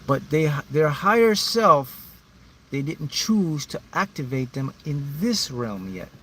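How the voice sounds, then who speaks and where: A man's voice: a little high, sing-song, slow, pushed and bright. Emphatic man giving a motivational talk. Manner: emphatic, repetitive, addresses viewers directly; reads out viewers' names. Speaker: manifesting mentor. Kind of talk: motivational live talk to viewers.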